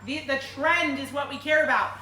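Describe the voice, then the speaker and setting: High bright woman coaching a group. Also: a little fast, distant mic. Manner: lively, asks the group questions, acts out clients. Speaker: fitness coach. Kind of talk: group workshop talk. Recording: roomy, from across the room, faint noise.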